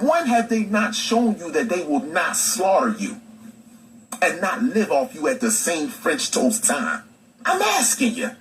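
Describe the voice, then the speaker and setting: A man's voice: fairly high pitch, rough recording. A man delivering an impassioned, profane monologue to his audience, firing off rhetorical questions with heavy emphasis. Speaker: social media commentator.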